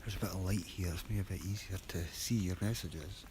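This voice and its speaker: A man on a live stream, chatting casually and quietly to viewers during a break from his shift, rambling and poking fun at himself. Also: deep voice, fairly quick, background noise. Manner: rambling, chatty, self-deprecating; talking quietly. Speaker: livestreamer on a work break.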